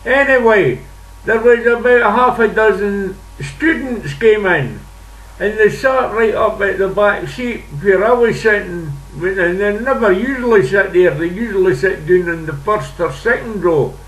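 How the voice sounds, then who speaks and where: An older Scottish man rambles through a story in a fairly high voice, speaking slowly and unhurriedly. His voice sounds roomy and a little distant from the mic. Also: a bit bright. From Scotland. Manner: rambling, chatty, with dialect words. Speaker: vlogger. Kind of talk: casual storytelling monologue. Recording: echoey room, distant mic.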